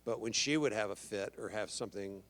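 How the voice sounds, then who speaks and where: A man's voice: fairly low pitch, a little fast. A man in his sixties from Houston, a guest actor on a convention stage, telling rambling anecdotes and acting out the voices of people he quotes. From Houston, Texas, USA. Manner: animated, acts out quoted voices, rambling restarts. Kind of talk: anecdotal storytelling to a live audience.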